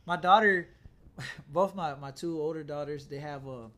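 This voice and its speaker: Man, high voice, laid-back podcast host, rambling, swearing. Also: measured pace, a bit bright. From South Texas. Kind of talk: casual chat.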